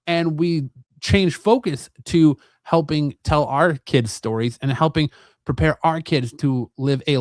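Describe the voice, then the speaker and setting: A man's voice: medium pitch, no room sound. Give me an enthusiastic, slangy man recapping comics on a dry, close mic. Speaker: comic book video host.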